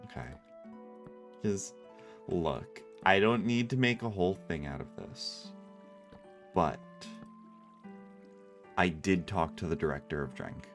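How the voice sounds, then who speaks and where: A man's voice: sits low, lively intonation, takes it slowly, pauses often, soft background music. A man hosting a livestream in casual chat, a rambling storyteller who keeps restarting his sentences. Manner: rambling, self-interrupting storyteller with frequent laughs. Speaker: livestream host. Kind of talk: casual chat over a game stream. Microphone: earbuds with headset mic.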